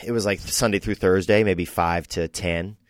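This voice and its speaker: A man's voice: sits low, moderate pace, no echo, studio quality. A young man from Louisiana, a comedian guest, chatting casually and telling rambling stories, sometimes doing voices for the people in them. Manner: rambling, storytelling, animated voices for quoted people. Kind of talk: casual podcast chat.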